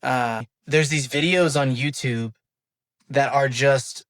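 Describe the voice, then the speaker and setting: A man's voice: medium pitch, fairly even intonation, slow pace, a bit bright, no room sound. A middle-aged man hosting a podcast, talking candidly and a little rambling, with a self-deprecating manner. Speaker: podcast host. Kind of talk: casual interview chat.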